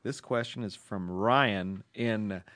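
A man's voice: lowish voice, slow, fairly bright tone. A man co-hosting a podcast, reading a listener letter aloud with dry jokes and frequent laughs. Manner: dry, joking, laughs often.

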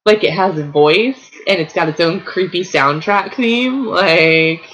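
A woman in her thirties co-hosting a casual movie chat, animated and full of fillers. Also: lowish voice, measured pace, muffled recording, slight background noise. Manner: animated, lots of fillers, acts out reactions. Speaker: podcast co-host.

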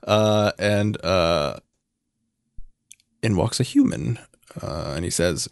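A man's voice: medium pitch, slow pace, a little mellow, clear, resonant tone, no echo, studio quality. Man running a tabletop game. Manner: descriptive, with frequent uh fillers. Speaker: game master.

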